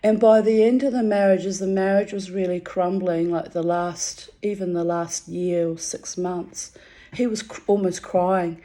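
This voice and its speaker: A woman's voice: fairly low pitch, fairly even intonation, a little slow, warm tone. A middle-aged woman, telling a personal story in a candid monologue, bluntly, with swearing and rambling asides.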